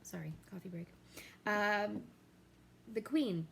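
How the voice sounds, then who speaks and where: A woman teacher explaining a play to her class, reading the quoted lines aloud with lively emphasis. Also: lowish voice, measured pace, gravelly, a little hiss or hum, low-quality recording.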